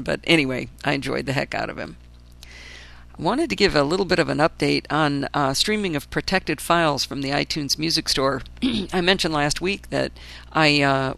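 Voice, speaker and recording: A hoarse woman talks through a casual solo podcast, chatty and keen, with dry, wry asides. Her voice is gravelly with fry, yet bright and forceful in tone. Her delivery stays enthusiastic and rambling. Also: a bass voice. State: hoarse, lingering after flu. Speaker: podcast host.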